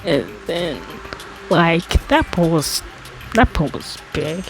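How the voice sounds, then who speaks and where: This American storytime host tells a childhood tale slowly, with lively intonation, lots of restarts and fillers, and a rambling, casual style. When she complains, her voice rises high in exasperation. Faint music plays behind her on a low-quality recording.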